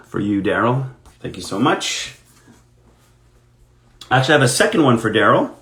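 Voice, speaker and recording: A man's voice: medium pitch, very animated, measured pace, long pauses, a bit bright, a little hiss or hum. A man, an actor, chatting casually on a live stream while signing autographs, telling anecdotes in a self-deprecating way.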